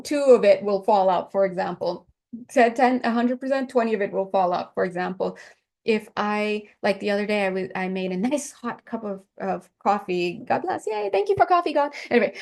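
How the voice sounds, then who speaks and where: A woman giving a casual spiritual talk, chatty and laughing, often jumping into high excited exclaims. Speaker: spiritual reader.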